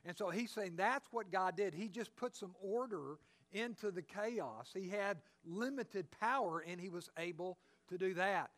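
A man's voice: high voice, lively intonation, a little slow, fairly bright tone. A man preaching a sermon, emphatic and driving his points home with repeated rhetorical questions.

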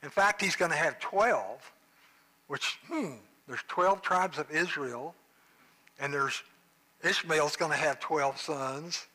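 A man's voice: fairly high pitch, takes it slowly, bright, forceful tone, poor audio. A man preaching a sermon in a conversational, joking way, with playful asides. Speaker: pastor.

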